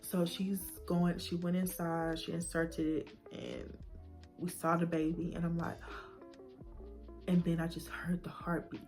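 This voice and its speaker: A woman's voice: on the low side, level tone, moderate pace, a little mellow, faint music behind. A young woman in a personal vlog, retelling a hard experience with feeling, acting out what people said and sometimes dropping to a whisper. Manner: emotional retelling, acting out quoted dialogue, drops to whispers. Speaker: vlogger.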